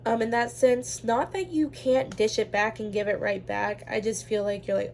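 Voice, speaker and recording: Woman, slightly high voice, casual tarot reader, rambling, lots of ums, faint hiss. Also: steady tone, moderate pace, vocal fry, few pauses, darkish tone. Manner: chatty, rambling, lots of ums, laughs easily. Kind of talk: casual pick-a-card tarot reading.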